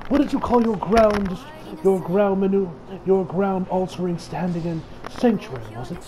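A man voicing a calm young male gang leader who speaks steadily and plainly, close to his own voice. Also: sits high, moderate pace, crowd noise, lightly acted. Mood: cool.

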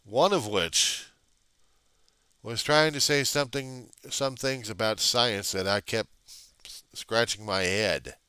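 Gruff deep-voiced man grumbling on webcam. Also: takes it slowly, bright, forceful tone, dry recording. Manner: gruff, grumbling, swears freely. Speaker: vlogger. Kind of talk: rambling casual monologue.

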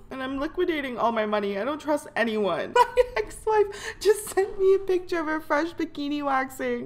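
A woman's voice: a little high, lively intonation, moderate pace. Giggly woman playing a life sim. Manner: giggly, dramatic reactions. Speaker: gaming YouTuber. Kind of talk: let's play commentary.

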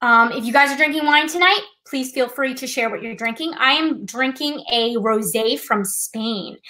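Speaking at normal speed, the trivia host sounds a little high, pushed and bright on a rough recording. Her casual live-stream style involves step-by-step explanations and a self-deprecating touch.

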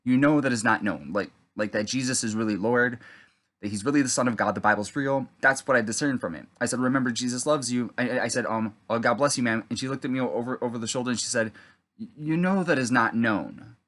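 A man telling about a dream in a halting, rambling monologue, full of fillers and throat clearing, then preaching earnestly. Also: medium pitch, steady tone, fairly bright tone. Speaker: vlogger recounting a dream.

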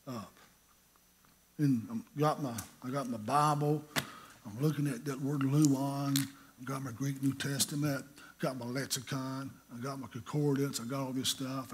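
A middle-aged man from North Carolina, telling a lively, humorous story in a sermon and acting out the quotes. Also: mid-range voice, slight background noise. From North Carolina, USA. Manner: animated, humorous, acts out quotes. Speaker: preacher.

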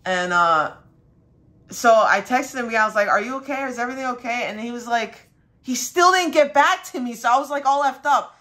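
A woman's voice: animated, a little fast, fairly bright tone. A young woman, a spiritual reader, telling a rambling casual story full of fillers and mild cursing. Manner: quotes her dad in a higher voice.

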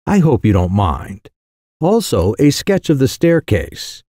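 A man voicing a sly young mischief-maker who delivers outrageous news in a calm, careless, mock-serious way. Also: medium pitch, a little slow, no echo, studio quality. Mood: cool, mock-grave.

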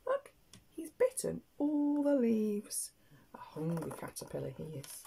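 A British woman, a nursery teacher, reading a picture book aloud to small children with playful, expressive gasps and hushed asides. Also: medium pitch, measured pace, gravelly, a little hiss or hum.

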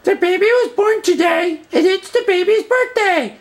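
A man putting on a squeaky falsetto as a cheerful party hostess in a home-made comedy movie. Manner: squeaky falsetto, slow and sing-song.

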